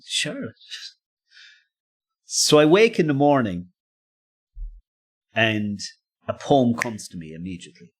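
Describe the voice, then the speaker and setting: A man's voice: medium pitch, sing-song, a little slow, long pauses, slightly rough. A man and podcast co-host, telling a personal story casually, rambling and self-interrupting with frequent laughs.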